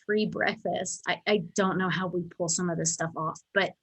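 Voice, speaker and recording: A woman's voice: lowish voice, normal speed, husky, poor audio. A woman in her forties recounting a trip in a loose, heartfelt ramble. She keeps circling back and restarting her phrases as the feeling catches up with her. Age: 40s. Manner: excited, emotional storytelling with many restarts. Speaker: guest sharing a story. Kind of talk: casual spoken recollection.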